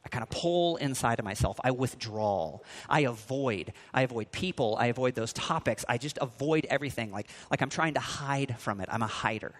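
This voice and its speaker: A male pastor delivering a sermon with big swings in pitch and loudness. He drops low and soft for reflection, then rises high and loud when he acts out what people say. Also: animated, normal speed, hardly any pauses. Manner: dramatic swings in pitch and volume, acting out quotes.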